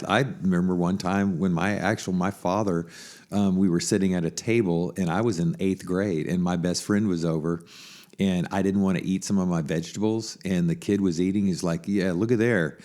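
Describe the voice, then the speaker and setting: Very deep-voiced man telling stories. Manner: warm storytelling, affirming backchannels. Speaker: podcast co-host. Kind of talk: casual conversation.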